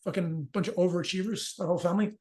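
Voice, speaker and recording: Fast-talking, profane, high-voiced man. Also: fairly even intonation, darkish tone. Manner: fast, profane, joking explanations. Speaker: movement and rehabilitation practitioner, guest. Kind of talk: casual explanatory interview talk.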